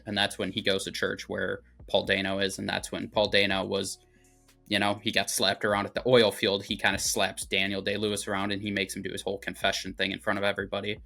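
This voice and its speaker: A young man with a low, bright voice retells a film plot in a loose, rambling way. He leans on fillers like "like" and swears freely, and the talk comes over faint music. He sounds like a casual podcast host. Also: monotone, fast talker, vocal fry. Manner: rambling, filler-heavy, profane. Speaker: movie review podcast host. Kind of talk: casual movie recap.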